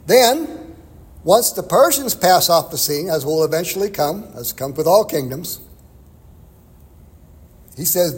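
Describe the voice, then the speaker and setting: A man's voice: high-pitched, breathy edge, long reverb tail. A man preaching an expository sermon in a conversational way, chuckling now and then. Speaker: pastor.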